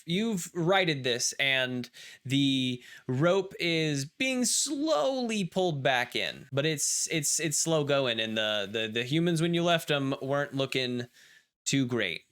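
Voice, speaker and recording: A man narrating as game master for a tabletop role-playing game. His voice is bright and crisp, and he talks in lively bursts, often restarting his sentences as he describes the scene to the players. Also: mid-range voice, slow pace.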